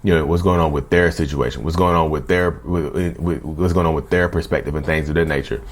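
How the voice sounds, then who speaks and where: A man's voice: rumbling low, steady tone, brisk. A man hosting his own channel, talking casually and repetitively to viewers, often saying "y'all". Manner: conversational, repeats himself, often says "y'all". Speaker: channel host. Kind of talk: casual talk to camera.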